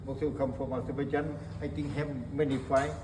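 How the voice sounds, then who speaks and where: A man's voice: medium pitch, level tone, brisk. A man interviewing a fighter in broken English with short, repeated questions. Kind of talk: informal interview. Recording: echoey hall from far off with background noise.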